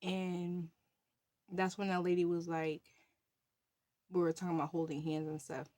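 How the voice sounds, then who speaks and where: A woman in her thirties tells a story to her viewers in a loose, chatty way, full of fillers and little laughs. Her voice sits low. The recording is close and dry, with no room sound. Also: little pitch movement, moderate pace, dark tone, no echo. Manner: chatty, many fillers, laughs while telling. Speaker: budgeting channel host. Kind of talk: casual storytelling vlog.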